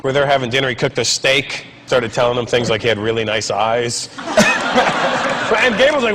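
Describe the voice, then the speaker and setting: A stand-up comedian telling a comic story in an animated way and acting out the other people in it. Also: male voice, medium pitch, brisk, noisy background.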